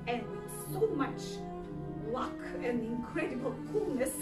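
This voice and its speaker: A woman with a Bulgarian accent performs an intense, dramatic solo stage monologue in a theatre. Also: high-pitched. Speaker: stage actress. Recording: echoey stage from far off.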